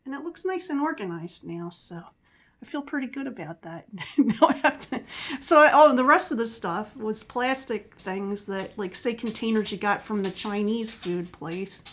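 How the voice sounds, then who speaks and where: A woman's voice: mid-range voice, lively intonation, moderate pace, fairly bright tone. Rambling chatty middle-aged American woman. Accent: mixed Philadelphia and Southern US. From Philadelphia area, USA. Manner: rambling, chatty, laughs at herself. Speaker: vlogger. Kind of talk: casual chat.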